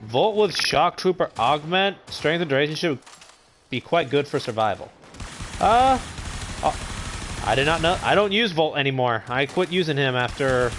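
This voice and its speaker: A man's voice: fairly high pitch, expressive, normal speed, fairly bright tone, a little hiss or hum. A man hosting a gaming channel, giving laid-back, rambling commentary while he plays and chats to viewers. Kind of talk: casual gameplay commentary.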